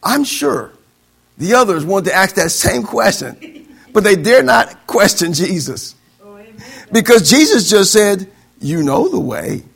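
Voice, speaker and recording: A middle-aged man and pastor preaching a sermon with animated delivery, quoting voices and laughing, swinging between loud emphatic declarations and quiet low asides. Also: a little slow, creaky, breathy edge.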